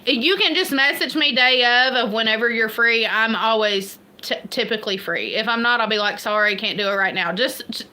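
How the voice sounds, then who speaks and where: A woman's voice: fairly high pitch, moderate pace, hardly any pauses, sharp tone. A woman from Kentucky with an Appalachian accent, chatting casually and rambling on a livestream, laughing at herself. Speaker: homestead livestream host.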